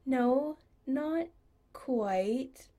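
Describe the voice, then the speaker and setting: A woman's voice: sits high, lively intonation, drawn-out words, mellow, voice pushed up, heavily acted. A woman voicing a shy young male shoe designer who answers sheepishly and protests when teased. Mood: hesitant.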